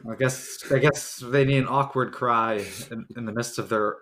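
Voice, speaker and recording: A man with a bright voice and mid-range pitch, chiming in on a casual podcast. He drops dry, joking remarks in a relaxed way. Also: normal speed. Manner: wry, joking comments. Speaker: podcast co-host. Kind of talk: casual chat.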